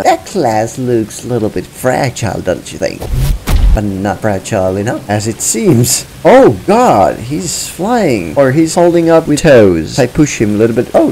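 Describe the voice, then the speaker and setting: A man's voice: medium pitch, noisy background. A man chatting playfully while playing a video game, with lots of exclamations and laughs. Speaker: gaming streamer. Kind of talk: let's play commentary. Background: game music.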